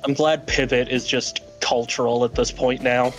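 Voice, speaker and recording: A man's voice: medium pitch, moderate pace, soft background music. A young man streaming a game with friends, teasing them and telling stories in casual chat. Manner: teasing, animated storyteller.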